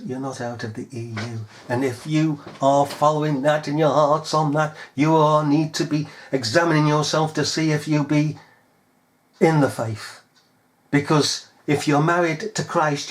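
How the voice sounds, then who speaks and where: A man's voice: a little high, fairly even intonation, a little slow. A man preaching a fiery sermon, scolding his listeners with pointed rhetorical questions.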